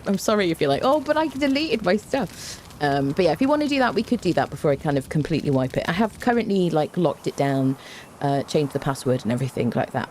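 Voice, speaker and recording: A woman's voice: sits low, dark tone, a little hiss or hum. A young woman streaming a game, chatting casually with viewers, greeting them by name with plenty of fillers. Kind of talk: casual live-stream chat.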